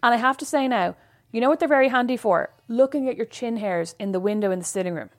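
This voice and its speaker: A woman co-hosting a podcast, chatting in a teasing, animated way. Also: on the high side, fast talker, no room sound, studio quality. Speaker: podcast co-host. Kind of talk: casual chat.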